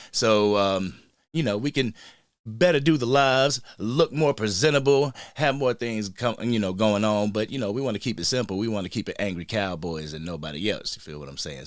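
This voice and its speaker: A man hosting a sports fan livestream in a casual, hyped way, shouting out people in the chat. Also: mid-range voice, no echo, clean studio sound. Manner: hyped, shout-outs to chat, frequent slang.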